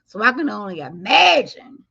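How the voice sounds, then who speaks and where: A woman's voice: mid-range voice, big pitch swings, normal speed, gravelly, husky, highs cut off. Blunt profane woman streaming commentary. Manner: blunt, profane, joking, reacting loudly to clips. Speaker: live commentary host.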